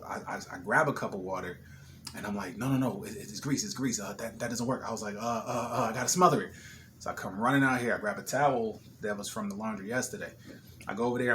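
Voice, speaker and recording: A man vlogging at home, retelling a kitchen fire in an animated, swearing, laughing way, still shaken. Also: medium pitch, a little hiss or hum. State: shaken after a scare. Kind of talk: casual storytelling vlog. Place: apartment kitchen, smoky.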